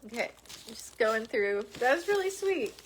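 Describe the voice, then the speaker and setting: A woman vlogger chatting casually to camera as she opens fan packages, talking softly with many pauses and fillers. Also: a little high, big pitch swings. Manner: soft, halting and tearful, with many fillers. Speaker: vlogger opening fan mail. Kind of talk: casual unboxing chat to camera. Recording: faint background noise with package crinkling.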